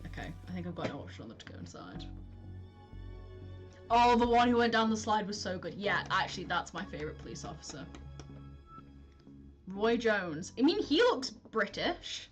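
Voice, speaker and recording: A woman's voice: mid-range voice, sing-song, normal speed, long pauses, soft background music. A young woman streamer chatting casually and self-deprecatingly while she plays a detective game, often giggling. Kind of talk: casual gameplay commentary.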